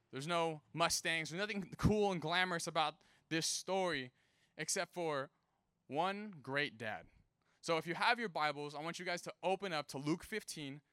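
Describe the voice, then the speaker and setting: Animated young male preacher, bright voice. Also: on the high side, smooth, dry recording, clean studio sound. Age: young adult. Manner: animated, casual, acts out quoted voices. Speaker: youth preacher. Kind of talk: sermon with personal storytelling.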